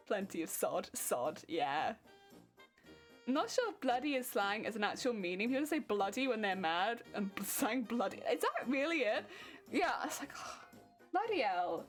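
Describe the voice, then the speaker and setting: A young British woman chatting casually with her stream viewers from home, chatty and quick to laugh. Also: fairly high pitch, big pitch swings. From Britain. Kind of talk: casual chat with stream viewers while crafting. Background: faint music.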